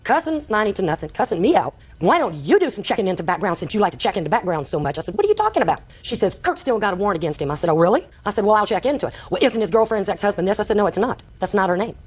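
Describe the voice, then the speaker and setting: An older woman testifying in court, telling her story quickly and acting out the conversations she recounts. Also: medium pitch, lively intonation, slightly rough. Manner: rapid, breathless storytelling, acting out quoted exchanges. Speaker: litigant.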